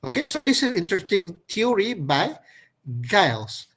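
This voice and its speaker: A Malaysian man from Kedah lectures in a webinar, his voice sitting a little high. He rambles through ideas with many fillers and restarts. The sound comes over a video call. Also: sing-song, moderate pace, fairly bright tone, poor audio. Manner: rambling, filler-heavy, with laughs and drawled demonstrations.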